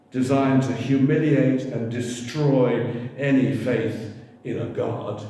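An older man preaching a sermon, slow and emphatic, calling out to the congregation for responses. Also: mid-range voice, a little mellow, recorded from a distance. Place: large echoey church hall. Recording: echoey hall, faint room noise.

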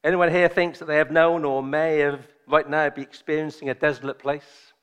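A man preaching a sermon, joking and chatty with his congregation at first, then slow and solemn. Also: a little high, little pitch movement, fairly bright tone, clear, resonant tone. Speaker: visiting preacher.

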